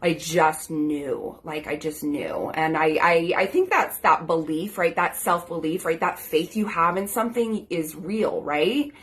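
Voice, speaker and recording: Her deep, expressive voice has a fairly bright tone and moves a little slowly with few pauses as she recounts her own story to camera. The woman, a life coach in her thirties, sounds earnest and grateful, chatting along with lots of "like" and "um."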